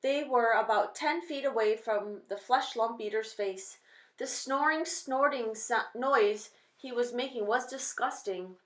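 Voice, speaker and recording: A woman's voice: fairly high pitch, a little slow. Woman reading a children's story. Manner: steady expressive storytelling. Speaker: reader. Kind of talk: reading a children's novel aloud. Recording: roomy echo.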